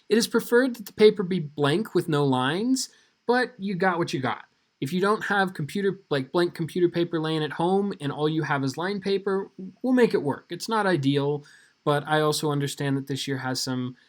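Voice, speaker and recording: A man's voice: fairly high pitch, normal speed. A man in his thirties, a teacher giving a casual, upbeat video lesson and talking straight to his students.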